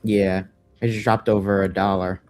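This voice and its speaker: A man joining a live trading chat, joking and talking about his trades in an animated way. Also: low-pitched, moderate pace, dry recording, faint music behind.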